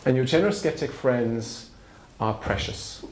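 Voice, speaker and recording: A man's voice: medium pitch, a little slow. A middle-aged man giving an earnest, conversational talk at an evening event in a bar's function room. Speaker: speaker. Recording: roomy live venue sound.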